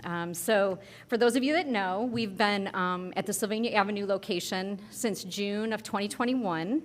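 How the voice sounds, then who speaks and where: Woman, banquet speaker, treasurer, mid pitch, earnest, filler-heavy. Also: normal speed, slight background noise. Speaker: board treasurer presenting. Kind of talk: banquet speech.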